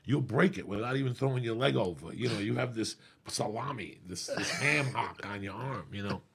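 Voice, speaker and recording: A man with a rough, gravelly voice that sits fairly low and sounds raspy through and through. He tells stories like a comedian in casual conversation, swearing freely and playing out every quoted line. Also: a little fast. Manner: profane, animated storyteller acting out quotes. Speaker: comedian guest. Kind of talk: casual storytelling chat.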